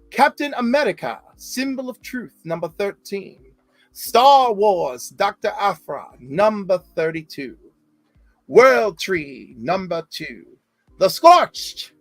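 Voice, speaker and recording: Guy hosting a comic podcast, kinda high voice, dry sound, faint music behind. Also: dry recording. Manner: chatty, rattles off lists of titles. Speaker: podcast host. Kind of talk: casual comic book podcast chat.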